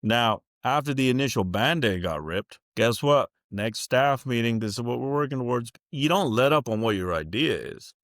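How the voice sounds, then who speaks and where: A man's voice: mid-range voice, lively intonation, moderate pace, few pauses, a bit bright, no echo, clean studio sound. A man who leads a school district, talking in a casual interview in a plain-spoken, folksy way and acting out the conversations he quotes. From California.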